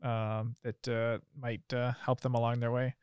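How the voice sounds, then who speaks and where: A man's voice: medium pitch, level tone, normal speed, darkish tone, clean tone, no room sound. Man podcast host, dry close sound. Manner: hesitant questions with many fillers. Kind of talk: casual interview chat.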